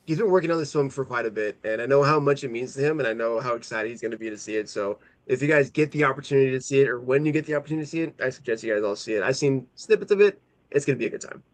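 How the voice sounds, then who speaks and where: A man's voice: mid-range voice, very fast, rough recording. A man chatting casually on a livestream podcast in an upbeat, friendly way. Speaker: podcast guest. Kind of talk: casual chat.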